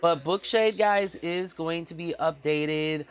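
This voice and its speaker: A man hosting his own live-stream show, chatting casually with a husky, raspy voice that is hoarse from a flu, rambling with many fillers and frequent laughs. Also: on the high side, slow pace. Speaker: VTuber show host.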